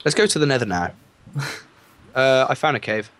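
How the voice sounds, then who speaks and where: A man chatting casually while playing a game with a friend, playful and quick to laugh. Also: medium pitch, expressive, fairly bright tone. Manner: playful, laughs a lot, jokey banter. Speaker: gaming co-host. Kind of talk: casual gaming chat.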